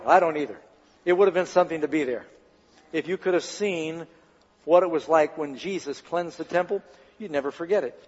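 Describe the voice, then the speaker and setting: A man preaching a sermon with a high, husky voice, and he tells the story with dramatic flair and asks the congregation rhetorical questions. The recording is dull and lo-fi, with a long reverb trailing each phrase. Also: a little mellow. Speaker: pastor.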